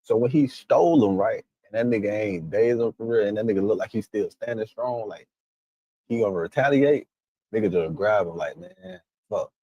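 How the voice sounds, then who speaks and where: A man streaming casual reaction commentary, loud and animated, laughing and acting out lines in high mocking voices. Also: a little fast, no room sound, highs cut off.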